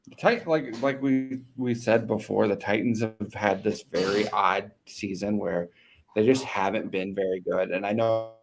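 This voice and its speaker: A man's voice: lowish voice, fairly even intonation, measured pace, a little hiss or hum. A man co-hosting a fantasy football podcast over a remote call, talking casually and hesitantly, with many restarts. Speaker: podcast co-host. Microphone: remote call mic.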